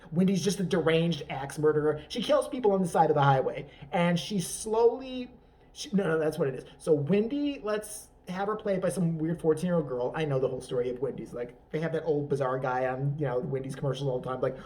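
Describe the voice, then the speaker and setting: A man's voice: on the high side, lively intonation, brisk, warm tone, distant mic. A man riffing through an improvised, profane comedy rant, rambling and laughing at his own jokes. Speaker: comedy vlogger.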